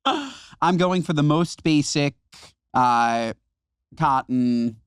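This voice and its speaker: A man's voice: on the high side, drawn-out words, clear, resonant tone, no room sound, clean studio sound. A man co-hosting a podcast, riffing emphatically and exaggerating for comic effect. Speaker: podcast co-host. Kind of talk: casual chat.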